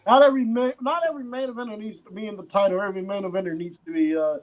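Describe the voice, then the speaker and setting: A man's voice: high-pitched, steady tone, very fast. A man co-hosting a wrestling podcast in casual chat, eagerly agreeing and repeating his points. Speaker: podcast co-host.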